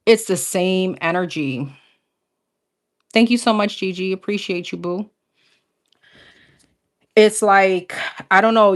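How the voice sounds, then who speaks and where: Chatty young woman reading tarot. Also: fairly low pitch. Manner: chatty, laughs often, calls out cards in a list. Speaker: tarot reader. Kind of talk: casual tarot reading livestream.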